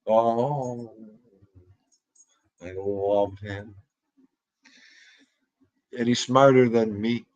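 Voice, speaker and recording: A man's voice: fairly low pitch, steady tone, slow, pauses often, dull audio. A man hosting a casual livestream podcast, rambling and joking with crude, profane banter.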